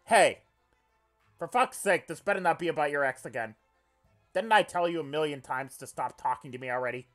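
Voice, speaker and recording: Man voicing an irritable snarky young male troll from a game, fed up and snappish, lively pitch, faint music behind. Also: brisk. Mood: exasperated. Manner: exasperated and snappish.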